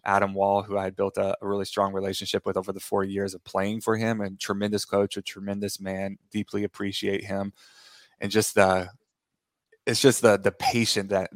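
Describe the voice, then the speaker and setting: A man's voice: lowish voice, no echo. A man in his thirties, a guest on a talk show, telling a long story in a rambling way, correcting himself and laughing as he goes. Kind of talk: casual interview storytelling.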